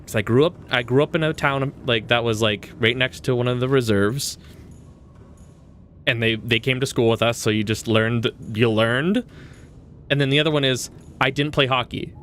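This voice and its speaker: A man from Western Canada talks casually as he streams a game, with a voice of ordinary, middling pitch. He wanders between topics, stops and restarts his sentences, and breaks into short chuckles. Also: normal speed, a bit bright, a little hiss or hum. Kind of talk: casual gaming stream chat.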